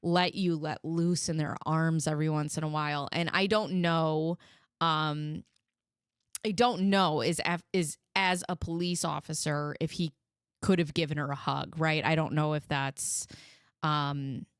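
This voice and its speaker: A woman's voice: low-pitched, steady tone, unhurried, clean tone, dry recording, studio quality. A woman in her thirties hosting a live stream, chatting in a rambling, heartfelt way. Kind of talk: casual commentary.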